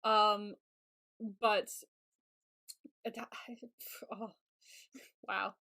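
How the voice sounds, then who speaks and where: A woman's voice: medium pitch, level tone, very slow, gravelly, bright, forceful tone. A woman co-hosting a podcast, reacting to a TV episode recap in casual chat and laughing often. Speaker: podcast co-host.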